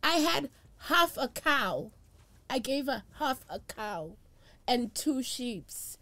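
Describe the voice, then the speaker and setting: A woman's voice: high voice, very animated, takes it slowly, pushed and bright, no room sound. Emphatic South African woman guest. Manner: mixes English with Zulu and Sotho, emphatic and emotional. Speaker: traditional healer, interview guest. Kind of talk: candid interview talk.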